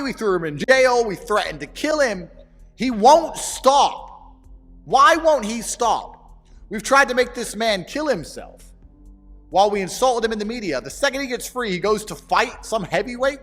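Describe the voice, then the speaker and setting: Guy doing a high whiny voice of fed-up enemies, slow and stretched, echoey with music under. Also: sing-song, a bit bright, full character voice. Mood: exasperated. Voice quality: high, drawn-out whine. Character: exasperated male enemies mocking a defiant man.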